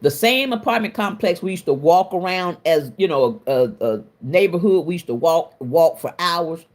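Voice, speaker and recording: Middle-aged woman, stream host, lively storyteller with a wide-ranging pitch and a colloquial, self-mocking delivery. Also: moderate pace. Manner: animated, laughs often, colloquial and self-mocking. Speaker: livestream host. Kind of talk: casual storytelling to a live chat.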